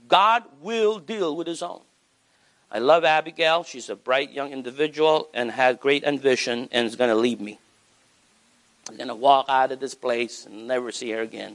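A man preaching a sermon as pastor, animated, with wide swings in pitch for emphasis.

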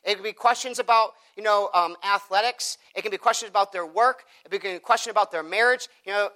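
A man with a high, bright and forceful voice teaches a group in a church room how to share his faith. He lively acts out both sides of street conversations as he goes. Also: quick pace, few pauses. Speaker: evangelism teacher. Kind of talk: teaching talk with acted street dialogues.

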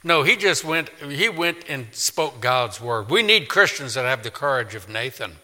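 Forceful, dramatic male preacher in a church. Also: mid-range voice, very animated, normal speed. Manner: dramatic, swinging from loud to hushed. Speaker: pastor. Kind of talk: storytelling sermon. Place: church sanctuary. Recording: long church reverb.

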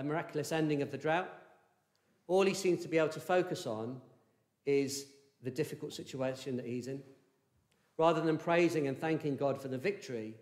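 A man's voice: a little high, a little mellow. Earnest preaching man in an echoey room. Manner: earnest, measured preaching with fillers and restarts. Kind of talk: sermon.

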